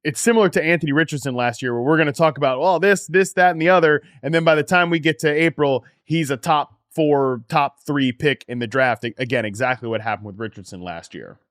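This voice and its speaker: A man's voice: a little fast, hardly any pauses, no echo, studio quality. A man co-hosting a fantasy football podcast, talking in a casual analytical way as he moves the conversation from team to team. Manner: energetic, runs the segments and pitches the questions. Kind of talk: casual sports analysis chat.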